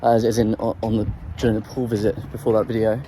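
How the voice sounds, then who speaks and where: Man with a dark, mellow tone, mid pitch, unscripted vlog explaining voice technique with lots of fillers, faint outdoor noise behind. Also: flat delivery, quick pace, poor audio. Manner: rambling, hesitant, full of ums and restarts; demonstrates throat sounds while talking. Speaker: voice coach sharing singing tips.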